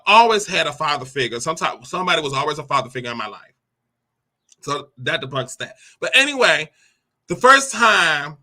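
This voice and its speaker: A woman in her forties, hosting her own show, tells a personal story in a sassy, animated way. She laughs often, acts out the quoted lines and calls the listener "honey" and "baby". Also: fairly low pitch. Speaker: host. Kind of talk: candid personal storytelling monologue.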